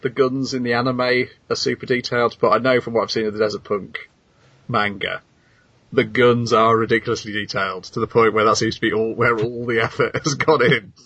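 A man's voice: mid-range voice, level tone, brisk, a bit bright, slightly rough, dry recording. A man hosting a casual anime review chat, reading out credits with wry asides, on a dull lo-fi recording. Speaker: podcast host. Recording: dull lo-fi dry sound.

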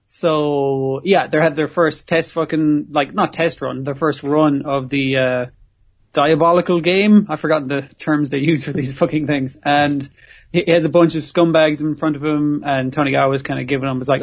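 A man's voice: fairly high pitch, fairly even intonation, normal speed, muffled recording. A man co-hosting a podcast, rambling through an episode recap with constant swearing and frequent laughs. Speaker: podcast co-host. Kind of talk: casual chat recapping an episode.

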